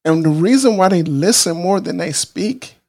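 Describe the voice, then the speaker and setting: A man's voice: high voice, expressive, moderate pace, gravelly, darkish tone. A middle-aged man hosting a podcast, giving earnest motivational advice in a casual, preachy way, often repeating himself and restarting phrases. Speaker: podcast host.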